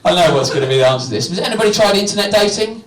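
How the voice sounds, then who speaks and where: A young man races through an animated stand-up set in a small venue, poking fun at himself and bantering with the audience. His voice sits high, and the distant, roomy recording carries background noise along with the crowd's laughter and cheers.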